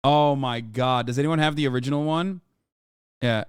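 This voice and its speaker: Clear-voiced man streaming a casual reaction. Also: mid-range voice, fairly quick, no room sound, clean studio sound. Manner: profane, laid-back, joking. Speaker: streamer host.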